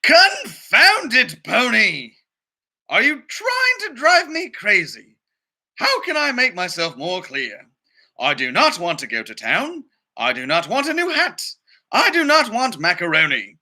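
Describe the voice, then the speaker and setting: A man putting on a cranky, stubborn old storybook grump who bursts into shouts of exasperation. The voice is high and bright, swinging widely in pitch as he huffs out each refusal. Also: huge pitch swings, measured pace, full character voice. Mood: exasperated.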